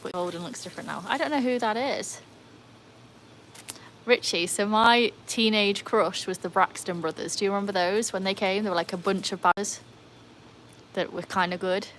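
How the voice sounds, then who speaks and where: A woman chats on a live stream from her phone in a loose, easy way, laughing often and calling out viewers by name. Her voice sits at a middle pitch. A faint noise runs behind her. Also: moderate pace, a bit bright, low-quality recording. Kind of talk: casual live-stream chat. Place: outdoors by a pool with dogs. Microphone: handheld phone.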